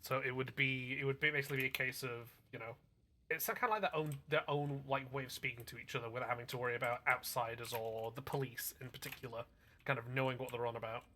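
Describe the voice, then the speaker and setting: A man from Northwest England chats casually while streaming a game, talking fast in a medium-pitched, steady voice that sounds pushed and bright. His explanations drift into rambling asides packed with fillers, and there's a little hiss or hum in the audio.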